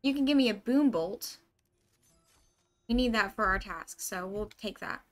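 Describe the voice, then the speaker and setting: A woman's voice: medium pitch, unhurried, faint music behind. A young woman streamer chatting casually and thinking aloud while she plays a game, with lots of "like" and "um" as she talks. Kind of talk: casual live gameplay commentary.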